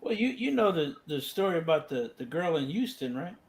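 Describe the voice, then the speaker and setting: Gravelly man telling a story. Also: a little high, very animated, a little fast. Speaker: livestream guest. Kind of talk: casual livestream chat, storytelling.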